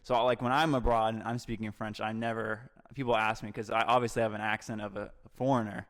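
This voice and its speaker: A man's voice: fairly low pitch, little pitch movement, fairly quick, fairly bright tone. An American man, a podcast guest, talking casually in an interview and thinking aloud with restarts and many "like" fillers. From United States.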